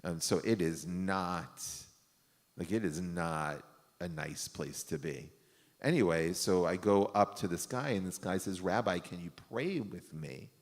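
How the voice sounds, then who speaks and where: A man's voice: sits low, measured pace. A man, a rabbi, tells stories in a casual, rambling way, full of fillers and restarts. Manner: rambling, many fillers and self-corrections. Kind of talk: casual storytelling talk. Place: synagogue hall. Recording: long hall reverb.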